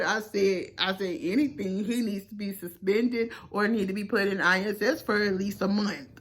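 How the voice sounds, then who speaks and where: A young woman telling a personal story in a casual vlog, animated and acting out the quotes with lots of fillers. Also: mid-range voice, normal speed, few pauses.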